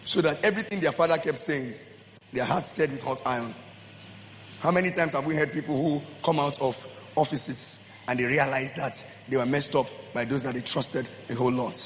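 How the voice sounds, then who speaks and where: Emphatic pastor preaching in a reverberant hall. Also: male voice, mid-range voice, moderate pace, a little hiss or hum. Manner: emphatic, repeats phrases, questions the congregation. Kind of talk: sermon. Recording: long hall reverb, faint room ambience.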